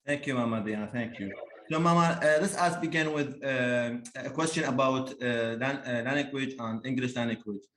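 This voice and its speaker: A young man from Iraq, a native Arabic speaker, hosting an interview in halting English with many pauses and restarts. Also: mid-range voice, a bit bright, slight background noise. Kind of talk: casual interview in learner English.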